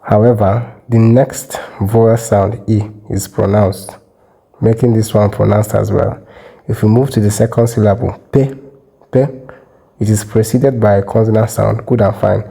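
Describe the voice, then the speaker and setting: A man teaching French spelling rules, explaining step by step and repeating example words slowly. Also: fairly low pitch, little pitch movement, gravelly, warm tone, slightly rough, rough recording. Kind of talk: explanatory lesson.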